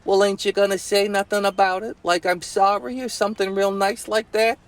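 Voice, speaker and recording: A man voicing a loudmouthed young boy diver, blunt and bossy. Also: high voice, level tone, a little fast, voice pushed up. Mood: impatient.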